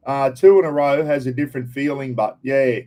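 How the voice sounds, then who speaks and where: Chatty older Australian bloke hosting. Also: male voice, medium pitch, fairly even intonation, a little fast, mellow, poor audio. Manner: chatty, greets viewers by name, blokey slang. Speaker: livestream host. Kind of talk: casual live chat.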